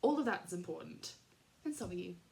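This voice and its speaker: A woman's voice: on the low side, very animated, fast, gravelly, a little mellow. An Australian woman in her thirties hosting a podcast, chatting casually in a rambling way with lots of fillers and little laughs. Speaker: podcast host. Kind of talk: casual chat.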